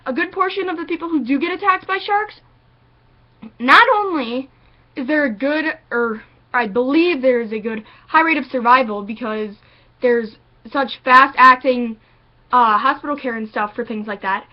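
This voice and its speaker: High-voiced, sarcastic woman ranting. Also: normal speed, highs cut off. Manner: sarcastic, profane, animated ranting. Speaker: vlogger. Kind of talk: ranting vlog monologue.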